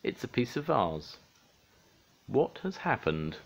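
Gentle father penguin in a storybook, voiced by a grandfather, lively pitch. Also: slow, vocal fry, a little hiss or hum, heavily acted.

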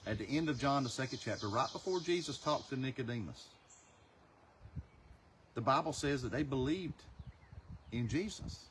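A man from North Carolina, preaching a passionate sermon as an evangelist. His delivery swings between loud, urgent stretches and hushed ones. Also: mid-range voice, normal speed, a little hiss or hum. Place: outdoors.

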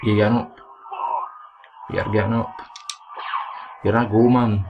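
A Scottish man giving excited, foul-mouthed let's play commentary, trash-talking the game as he plays. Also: on the low side, a little slow, muffled recording. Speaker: gaming commentator. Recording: noisy home recording.

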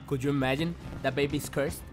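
Excitable male streamer over loud music. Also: a little high, fairly quick. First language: Spanish. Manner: excitable, swings between shouting and muttering, swears a lot. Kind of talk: live game stream commentary. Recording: music playing loudly behind.

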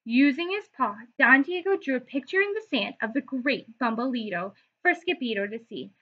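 Woman, preschool teacher, storybook read-aloud, lively, high voice, dull lo-fi recording. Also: normal speed. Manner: lively, explains words for children.

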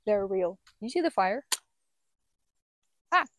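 A woman's voice: mid-range voice, expressive, slow pace, fairly bright tone, slight background noise. A young woman who is not a native English speaker, chatting casually to camera outdoors by a campfire, often exclaiming and repeating words. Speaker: vlogger. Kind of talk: casual vlog talk to camera.

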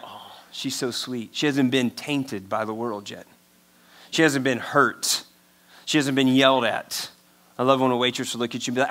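A man preaching a sermon to a congregation, energetic and full of stories, calling for the crowd to answer back. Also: a little high. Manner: energetic, storytelling, asks the crowd for call-and-response. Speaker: pastor. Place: church hall before a congregation.

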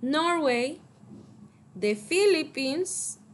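A woman with a Mexican Spanish accent teaching English vocabulary to children, slowly saying each word for pupils to repeat. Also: sits high, lively intonation, a little hiss or hum. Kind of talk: online vocabulary lesson for children.

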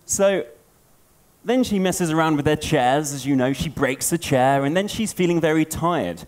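A man giving a storytelling conference talk, an animated storyteller. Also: on the high side, moderate pace. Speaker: conference speaker.

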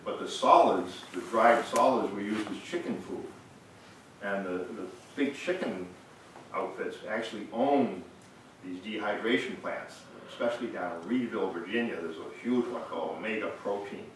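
A man's voice: fairly low pitch, normal speed, a bit bright, distant mic. An older man gives a folksy storytelling talk, laughing at his own stories as he goes. He sits well back from the mic in a very echoey room. A faint hiss runs under the recording. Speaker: guest speaker. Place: museum lecture room.

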